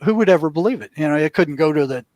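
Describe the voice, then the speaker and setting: An older man with a voice a little higher than most men's tells a story to an interviewer, acting out what people said along the way. The sound is dry and close, with no room around it. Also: animated, very fast, darkish tone, no echo. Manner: vivid storyteller who acts out what people said. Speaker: interview guest, former prison mental health worker.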